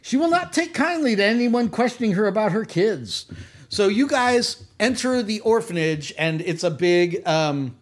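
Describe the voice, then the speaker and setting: Lively, high-pitched male game master. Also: normal speed. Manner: descriptive, joking, checks in with players. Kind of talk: narrating a tabletop game.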